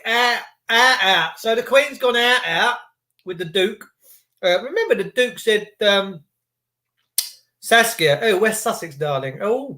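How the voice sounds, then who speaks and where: High-voiced chatty man. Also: fairly bright tone. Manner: rambling, chatty, greets viewers by name, teasing. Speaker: livestream host. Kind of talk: casual live-stream chat.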